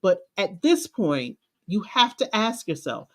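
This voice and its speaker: A woman's voice: on the low side, lively intonation. A woman confidence coach, giving an emphatic, preachy motivational talk. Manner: preachy, emphatic, drawn-out phrasing.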